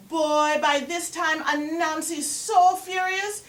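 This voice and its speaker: A woman telling a folktale in a lively way, inviting listeners to count along. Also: high-pitched, takes it slowly, few pauses. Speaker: storyteller. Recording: roomy echo from far off.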